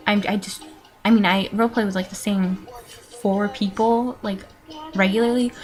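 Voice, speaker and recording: Rambling nineteen-year-old woman vlogger. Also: on the high side. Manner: rambling, with frequent fillers, laughs and sighs. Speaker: vlogger answering follower questions. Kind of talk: casual rambling Q&A vlog.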